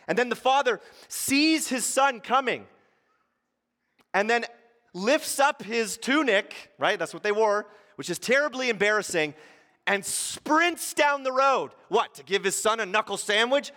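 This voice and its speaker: A man preaching as a pastor, retelling a parable with quiet asides that build into loud, animated passages. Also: high voice, unhurried, in a large hall. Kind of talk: sermon.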